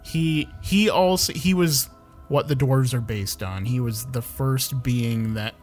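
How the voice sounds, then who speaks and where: A man's voice: medium pitch, takes it slowly, a little mellow, faint music behind. Man earnestly telling a legend in character. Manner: earnest storytelling. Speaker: player. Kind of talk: in-character tabletop game play.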